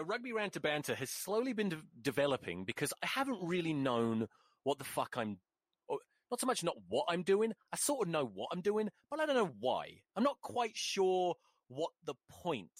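A man's voice: on the high side, no echo. Male podcast host, swears constantly, voice leaps up and down, dry close mic. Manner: profane, animated storytelling. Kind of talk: solo podcast rant.

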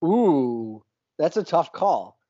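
A man's voice: a little high, very animated, slow, dark tone, muffled recording. Laid-back joking podcast co-host man. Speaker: sports betting podcast co-host. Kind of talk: casual sports betting chat.

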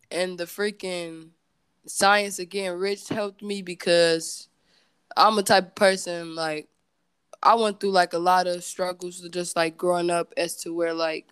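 Smooth-voiced woman chatting candidly. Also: fairly low pitch, no room sound. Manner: rambling, loose and candid, with many fillers and self-corrections. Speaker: podcast guest, entrepreneur and singer. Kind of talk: casual chat.

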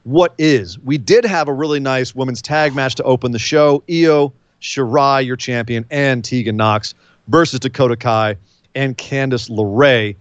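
Animated man recapping wrestling. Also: mid-range voice, a little slow, dry recording, muffled recording. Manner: animated storyteller, mimics wrestlers' voices. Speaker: podcast co-host. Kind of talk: casual wrestling recap chat.

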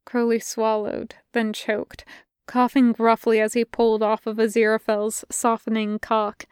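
A woman narrating a fan fiction audiobook in a measured, intimate way, close to the mic. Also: fairly high pitch, monotone, clean tone, dry recording. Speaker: podfic reader.

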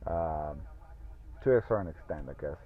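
A man's voice: rumbling low, animated, moderate pace. A man hosting a podcast in casual solo talk, rambling and swearing freely with lots of fillers. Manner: rambling, profane, full of fillers. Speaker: podcast host. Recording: tinny phone-like audio.

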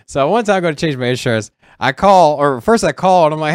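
A man co-hosting a podcast in casual chat, animated and acting out other people's lines as he tells a story. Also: on the high side, fast talker, hardly any pauses, smooth, no echo, clean studio sound. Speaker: podcast co-host.

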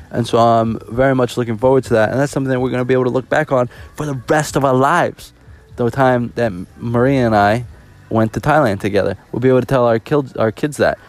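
A young man from the US East Coast, hosting a casual solo podcast, rambling and joking with lots of restarts. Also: mid-range voice. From East Coast of the United States. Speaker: podcast host.

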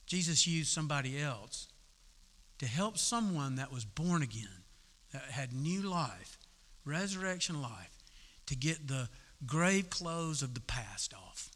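Folksy preacher with a bright, ringing voice. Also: male voice, a little high, very animated, a little slow, big-room sound. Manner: folksy, conversational preaching with casual asides. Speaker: pastor. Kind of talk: sermon. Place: church sanctuary.

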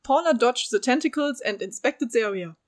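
A woman's voice: fairly high pitch, lively intonation, a little fast. Giggly woman reading a story aloud. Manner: giggly, chatty, reads with breaks for jokes. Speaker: narrator and story reader. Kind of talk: casual read-aloud with friends.

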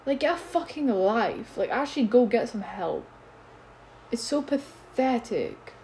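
A woman's voice: on the high side, expressive, measured pace, a little mellow, a little hiss or hum. A teenage girl hosting a solo podcast, ranting bluntly and swearing in a casual, exasperated way.

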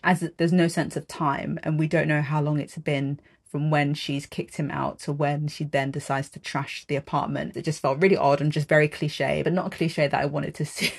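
Low husky woman reviewing TV. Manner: frank, opinionated, wry with light laughs. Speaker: TV drama reviewer, podcast host. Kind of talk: casual solo review monologue.

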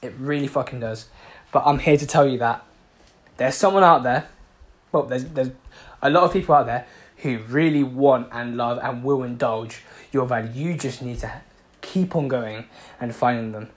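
A man's voice: medium pitch, moderate pace. A man giving a passionate motivational talk, repeating himself for emphasis and swearing freely. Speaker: motivational speaker.

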